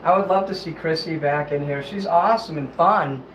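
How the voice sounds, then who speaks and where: A man's voice: fairly high pitch, normal speed, slight background noise, poor audio. A man hosting a casual livestream from home, reading chat while he eats and rambles in an apologetic way, swearing here and there.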